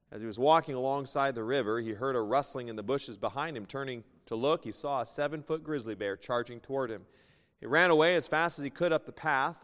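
A man's voice: medium pitch, a bit bright. Preacher man in a reverberant hall. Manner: folksy, reads scripture aloud and tells jokes. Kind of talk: sermon.

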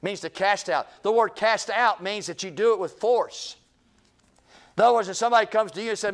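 A man preaching a revival sermon, repeating phrases and swinging from booming calls to hushed, low lines. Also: brisk.

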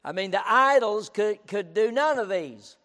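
A male preacher's high-pitched, fairly bright voice carries lively intonation at a measured pace through a reverberant auditorium. He hammers his points by repeating them and keeps cutting in with "listen."

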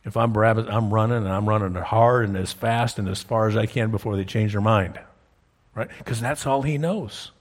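Pastor, male, husky voice, storytelling sermon, keeps checking in with the congregation. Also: fairly low pitch, steady tone, moderate pace. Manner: storytelling, checks in with listeners often. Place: church sanctuary. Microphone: wears a clip-on mic.

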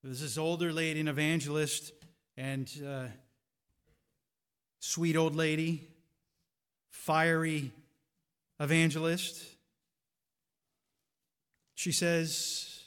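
High-voiced preacher delivering a sermon. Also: male voice, flat delivery, slow, long pauses, smooth. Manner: preaching with rising fervor and rhetorical questions; drops to a quiet, reflective tone at times. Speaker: pastor.

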